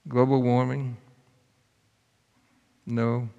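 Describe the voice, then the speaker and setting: A man's voice: mid-range voice, steady tone, a little slow, creaky, long pauses, highs cut off. A man preaching a sermon, telling a story in a folksy, earnest way. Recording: long hall reverb.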